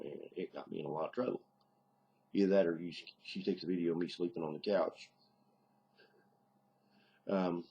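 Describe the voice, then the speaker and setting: A man's voice: low voice, warm tone, slightly rough, dull audio. A middle-aged man with a Southern US accent, rambling in a casual video diary with lots of ums. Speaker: video diarist. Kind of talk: casual vlog monologue.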